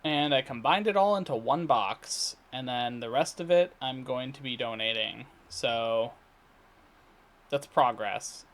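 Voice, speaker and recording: A man talking casually in a daily video diary, rambling and halting with many fillers, restarts and throat clearing. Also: medium pitch, fairly bright tone. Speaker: vlogger. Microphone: computer recording setup.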